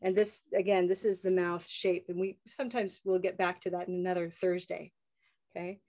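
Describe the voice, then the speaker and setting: Woman, North American accent, upbeat pronunciation coach, models words slowly and clearly. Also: on the low side, flat delivery, darkish tone. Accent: North American English. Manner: upbeat, drawn-out modeling of sounds. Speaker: pronunciation teacher. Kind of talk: live online English lesson.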